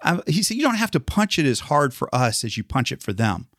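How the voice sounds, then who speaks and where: A man tells a story on a podcast with plenty of energy, putting on the voices of the people he quotes and breaking into laughter. His voice sits at a middle pitch, and the recording is dry and close. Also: very animated, a little fast, fairly bright tone, no room sound. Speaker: podcast co-host, former news reporter. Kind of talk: casual storytelling chat.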